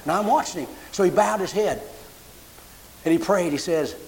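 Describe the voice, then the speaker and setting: A man's voice: sits high, normal speed, poor audio. A man preaching a sermon, telling personal stories and acting out the voices in them. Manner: animated storyteller acting out quotes. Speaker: pastor.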